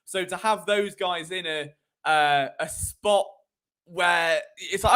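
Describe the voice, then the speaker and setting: A man hosting a live sports stream. He talks in an animated, sarcastic way and drifts into tangents. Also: sits high, unhurried. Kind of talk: live sports commentary chat.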